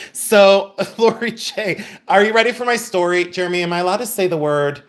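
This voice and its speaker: A man's voice: sits high, steady tone, normal speed, fairly bright tone. A man hosting a live-stream jewelry sale. He tells bawdy stories, laughs often and calls viewers by name. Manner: chatty, laughing, bawdy storyteller; addresses chat viewers by name. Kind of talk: casual live-stream sales chat.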